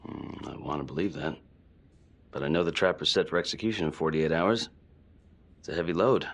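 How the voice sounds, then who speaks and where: An actor playing a steady male police chief in a video game cutscene, calm, measured and paternal. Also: a bass voice, lo-fi sound.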